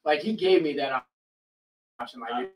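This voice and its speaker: A man in a loose podcast chat, telling a story with plenty of swearing and quick impressions of the people in it. His voice sits at a middling pitch and comes from a little way off the mic, as if he is leaning back. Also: distant mic, poor audio. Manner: animated, profane, acts out quoted people. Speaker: podcast host. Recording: voice a bit off-mic.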